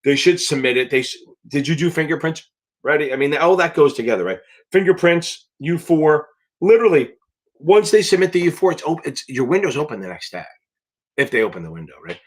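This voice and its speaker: A man's voice: a little high, lively intonation, fairly quick. A man tutoring for a finance licensing exam on a live question-and-answer stream, talking bluntly and emphatically and swearing for emphasis.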